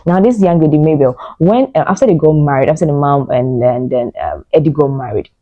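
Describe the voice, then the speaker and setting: A woman's voice: low voice, lively intonation, a little fast, no room sound, narrow, tinny audio. A woman giving a casual movie review, retelling scenes emotionally with lots of fillers.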